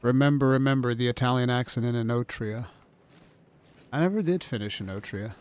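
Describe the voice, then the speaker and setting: A man's voice: mid-range voice, a little fast, darkish tone, clean tone. Joking male game streamer. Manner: joking, chatty, playful asides. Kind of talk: casual gameplay commentary.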